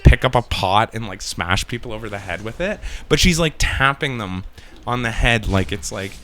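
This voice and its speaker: A man's voice: fairly low pitch, moderate pace, slight background noise. Rambling, swearing male co-host. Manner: rambling, swearing, animated storytelling. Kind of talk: casual podcast chat while gaming.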